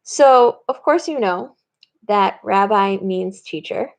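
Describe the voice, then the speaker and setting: A woman's voice: mid-range voice, lively intonation, slow pace. A woman rabbi giving a recorded lesson, explaining steadily and reading verses aloud. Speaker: rabbi and teacher. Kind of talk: recorded teaching talk.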